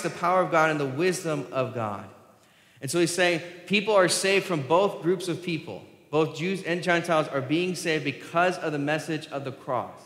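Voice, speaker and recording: A man's voice: medium pitch, a bit bright. A male pastor, preaching a sermon in a conversational style that rises for emphasis. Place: church sanctuary. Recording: echoey hall reverb.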